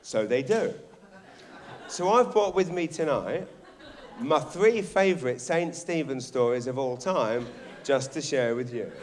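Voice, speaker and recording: Animated stand-up comic. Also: male voice, mid-range voice, measured pace, noisy background. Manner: animated storytelling, acting out characters, swearing. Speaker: stand-up comedian. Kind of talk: stand-up comedy set. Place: theatre stage before a live audience. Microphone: stage microphone.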